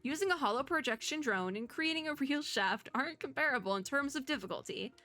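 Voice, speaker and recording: A woman's voice: high-pitched, expressive, brisk, bright, forceful tone, no echo, pitched above the performer's own voice. A woman reading as a dry, sardonic tech girl.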